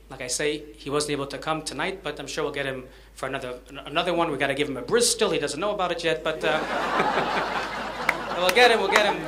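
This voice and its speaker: Man, rabbi, event speech, lively storytelling, bright tone, slightly high pitch. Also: a little hiss or hum. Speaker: rabbi hosting a fundraiser event.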